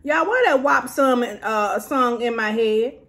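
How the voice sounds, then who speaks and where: This woman speaks slowly, her slightly high voice fairly bright, as she samples food and gives her verdict to viewers. It's a laid-back eating and review vlog, full of hums and muttered asides between mouthfuls.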